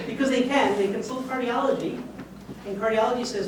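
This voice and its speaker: A man's voice: very high voice, normal speed. A man who is a doctor giving a conversational lecture to a live audience, asking them questions as he goes. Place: lecture room. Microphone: far room mic. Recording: echoey room, distant mic, background noise.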